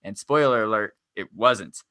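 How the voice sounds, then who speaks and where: A young man hosts a podcast in a bright, forceful voice, rambling on and poking fun at himself. The sound is dry and close, with no room around it. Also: on the low side, normal speed, no room sound. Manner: jokey, self-deprecating, rambling. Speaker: podcast host. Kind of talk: casual podcast chat.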